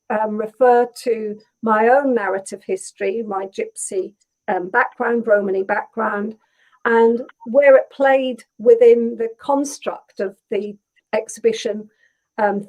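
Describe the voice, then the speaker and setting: A woman from Norfolk with a Norfolk English accent, a textile artist chatting thoughtfully with many pauses on a video call. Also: fairly high pitch, a little mellow, poor audio. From England, Norfolk. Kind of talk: casual video call interview.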